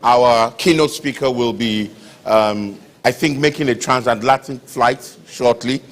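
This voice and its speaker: A man's voice: mid-range voice, a little slow. Courteous man hosting an event. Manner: courteous, formal phrasing. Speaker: master of ceremonies. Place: lecture hall.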